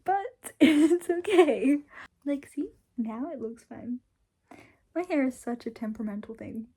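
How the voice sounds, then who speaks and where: A woman's voice: high-pitched, lively intonation, unhurried, warm tone, breathy edge. A young woman in her twenties chatting to the camera in a casual vlog, gushing and sometimes half-whispering. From Australia. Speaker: vlogger.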